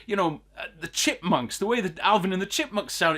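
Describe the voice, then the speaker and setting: A man's voice: sits high, expressive, brisk, bright, forceful tone. A man hosting a film review podcast, ranting with exasperated, emphatic repetition in casual chat.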